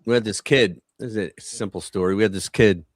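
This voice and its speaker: A man's voice: lowish voice, brisk, no echo, studio quality. A man co-hosting a live stream, telling a story in a casual chat and acting out the quoted voices. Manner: animated, acts out quoted voices. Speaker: co-host.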